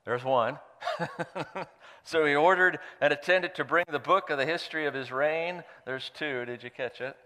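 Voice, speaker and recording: A man preaching with a smooth, resonant voice, reading scripture and breaking off into playful, animated asides. His words hang in a long reverb from a church hall. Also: a little high, normal speed. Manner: playful, animated storyteller who jokes aside. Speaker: pastor.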